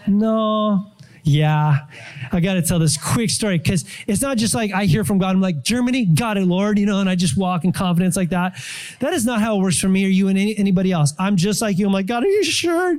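A middle-aged male pastor giving a sermon testimony, telling his story with animated storytelling and acting out his own prayers and surprise. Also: sits high.

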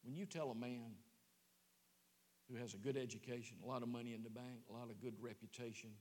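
A man preaching a sermon in a church, animated and throwing rhetorical questions to the congregation. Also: mid-range voice, fast talker. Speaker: pastor. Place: church sanctuary. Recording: long church hall reverb.

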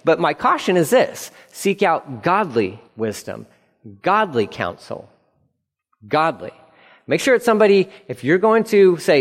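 Middle-aged man, pastor, earnest sermon delivery with repeated phrases, a touch high-pitched, echoing sanctuary. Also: very animated, slow pace, long pauses. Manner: earnest, repeats phrases for emphasis, acts out quoted dialogue. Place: church sanctuary. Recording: long reverb of a church hall.

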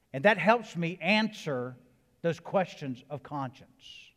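A Southern-accented man preaching, his voice sitting a little high for a man. He swings between quiet, chatty asides and loud, emphatic peaks. The sound trails off into the long reverb of a church hall. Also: expressive, takes it slowly. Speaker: pastor. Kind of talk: sermon. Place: church sanctuary.

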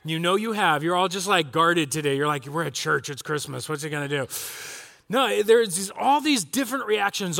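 A man's voice: sits high, bright, forceful tone. A middle-aged man preaching a casual, joking Christmas sermon to his congregation, acting out people's reactions. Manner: chatty, joking, acts out reactions. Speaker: pastor.

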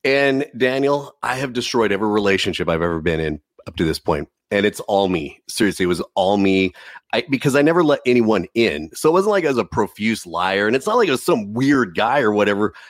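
A man's voice: lowish voice, expressive, fairly quick, dry recording, clean studio sound. A man giving an earnest, emotional faith testimony as a podcast guest, often saying "dude". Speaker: preacher.

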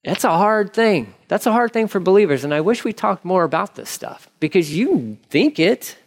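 A man preaching with a slightly higher voice than most men. His delivery is candid and conversational, and he speaks prayers aloud as if talking them through. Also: very animated, normal speed. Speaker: pastor. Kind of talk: sermon.

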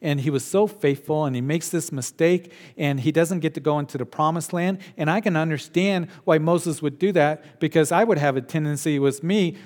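A man preaching a sermon as pastor, earnest, dropping to hushed tones and then rising to emphatic points. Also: a little high, a little fast, hardly any pauses, in a large hall.

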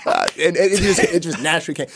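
A man as a podcast guest, telling his personal faith story in earnest, often dropping to a soft low voice at the hard parts. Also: quick pace, a little hiss or hum. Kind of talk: personal testimony in a podcast interview.

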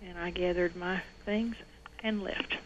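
A woman's voice: fairly low pitch, steady tone, unhurried. A middle-aged woman, a guest on an interview show, earnestly telling a personal story and quoting others. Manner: earnest testimony, quotes others in raised voice. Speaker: guest, former clinic owner. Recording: dull lo-fi audio with faint noise.

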